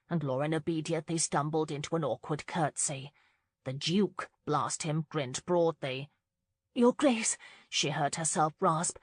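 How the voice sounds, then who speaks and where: A woman narrating a romance audiobook in a measured, scripted style on a studio mic. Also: sits low, dry recording.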